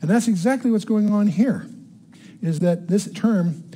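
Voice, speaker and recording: An older man leads a Bible teaching in front of a live audience. His voice sits a little high but has a mellow, relaxed tone. He stresses words by repeating them and keeps checking in with questions to the room. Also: unhurried.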